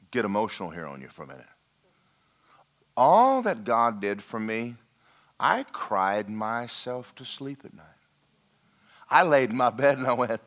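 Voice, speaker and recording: A middle-aged man preaching a sermon. His pitch moves in a lively way as he tells homespun stories. He calls out loudly to the congregation, then drops to hushed, emotional passages. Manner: folksy storytelling, swings from loud to hushed. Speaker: pastor.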